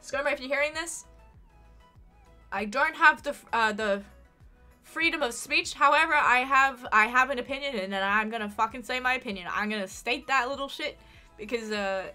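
A woman's voice: high voice, normal speed, pushed and bright, faint music behind. A young Australian woman from Queensland, rambling and swearing as she chats casually with her live-stream audience. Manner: rambling, swearing, jokey, frequent laughs. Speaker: livestreamer.

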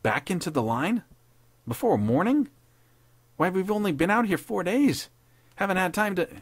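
A man's voice: lowish voice, big pitch swings, fast talker, breathy edge, no room sound. A man voicing a young, thin-faced army lieutenant who sounds startled and anxious. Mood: dismayed. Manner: startled, rising questions.

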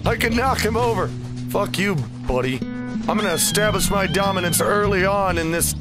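A man's voice: sits high, moderate pace. A man hosting a let's play, chatting playfully and with swearing as he talks in first person as his cat character and throws in mock meows over game music. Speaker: gaming channel host.

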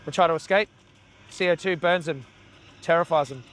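A high-pitched man with a bright, cutting voice, heckling workers and passers-by outside a slaughterhouse. He talks bluntly and swears freely as he argues. The sound comes from a handheld camera out on the street. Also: moderate pace. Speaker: animal rights activist. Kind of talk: confrontational street activism. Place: outdoors by a slaughterhouse.

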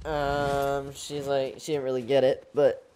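A man's voice: mid-range voice, monotone, a little slow, warm tone, clean tone. A man streaming a game, chatting loosely and laughing with a friend. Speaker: gaming streamer. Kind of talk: casual gaming chat.

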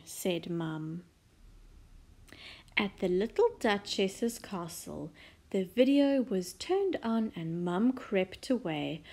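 A woman reading a children's picture book aloud in a very slow, expressive way, dropping now and then into a soft whisper. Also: medium pitch. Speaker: storyteller.

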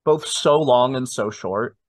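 A man in his twenties, telling a personal story in a casual interview with animated, self-deprecating asides. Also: mid-range voice, takes it slowly, no room sound. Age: 20s. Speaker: guest.

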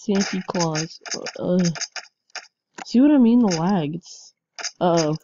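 A woman chatting through a game as she plays, yelping and laughing as things go wrong. Her voice is on the low side and mellow, and she talks slowly between outbursts. The recording sounds dull and lo-fi. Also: slight background noise. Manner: excitable, yelps and laughs at the game. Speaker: gameplay commentator. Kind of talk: casual game commentary.

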